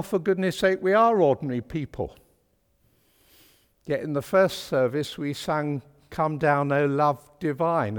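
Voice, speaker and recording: A man preaching a sermon in a church, chatty, wry and emphatic. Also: mid-range voice. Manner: chatty, wry and emphatic, with homely British turns of phrase. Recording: long hall reverb of a church.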